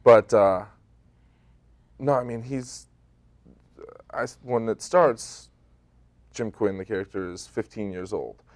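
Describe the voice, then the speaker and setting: A man, a stage actor, talking about his role in a relaxed, thoughtful, conversational way during a studio TV interview. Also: fairly low pitch, slow pace, long pauses, dry recording. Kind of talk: local TV interview.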